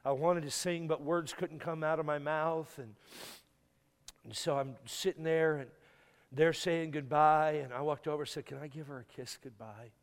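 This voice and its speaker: A guest pastor telling a painful story in a sermon, tearful and halting, stumbling and repeating words as he is moved. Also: fairly high pitch, fairly even intonation, smooth. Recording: long hall reverb.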